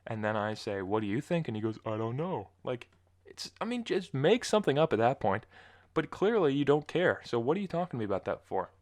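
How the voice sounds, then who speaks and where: A man's voice: medium pitch, very animated, brisk, a little mellow. A young man hosting a podcast, ranting casually and with exasperation in a rambling, self-correcting way. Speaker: podcast host. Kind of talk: casual solo monologue.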